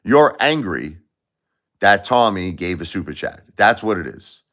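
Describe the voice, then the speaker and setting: A man hosting a casual livestream, talking emphatically and repeating himself, swinging between loud and quiet. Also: lowish voice, sing-song, a little slow. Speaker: livestream host.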